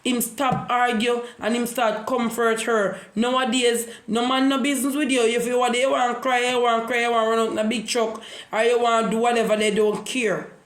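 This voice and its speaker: A woman's voice: a little high, flat delivery, normal speed. Jamaican woman vlogger, repeats herself as she preaches, recorded in a room with echo. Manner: repetitive, preachy storytelling. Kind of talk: casual monologue.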